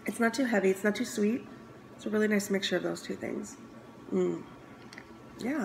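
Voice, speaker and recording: Chatty woman with a gravelly edge. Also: mid-range voice, a little fast, a little hiss or hum, rough recording. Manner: chatty, enthusiastic, stops to sniff and muse aloud. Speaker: scent consultant reviewing products. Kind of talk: casual product review vlog.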